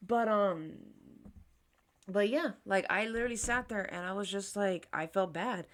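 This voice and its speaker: A woman's voice: mid-range voice, a little slow. A woman in her thirties telling a casual storytime while doing her makeup, chatty and candid, swearing freely and acting out the people in her story. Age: 30s. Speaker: beauty vlogger.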